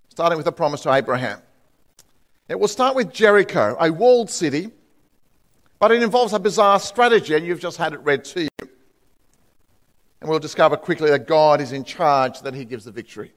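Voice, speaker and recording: A man preaching a sermon as pastor, telling stories and acting out the voices in them. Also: sits high. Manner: storytelling with acted voices. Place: church hall. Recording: church hall reverb.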